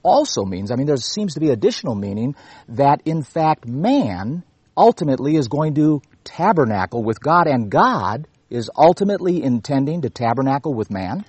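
A man's voice: medium pitch, very animated, normal speed, a little mellow, breathy edge, dry recording. A man hosting a religious TV program, talking earnestly and at length with a few restarts. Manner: earnest, wordy, with repeated restarts. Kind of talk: broadcast religious talk with viewer appeal.

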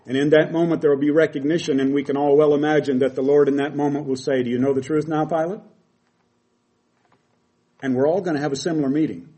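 A man's voice: on the high side, flat delivery, rapid-fire, hardly any pauses, mellow. A middle-aged man preaching a sermon, reading scripture aloud and explaining it with emphatic quoted lines.

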